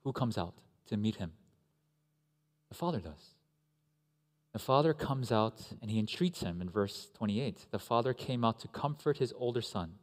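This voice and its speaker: A man pastor giving a conversational, animated sermon with asides to the congregation. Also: fairly low pitch, moderate pace. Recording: echoey hall.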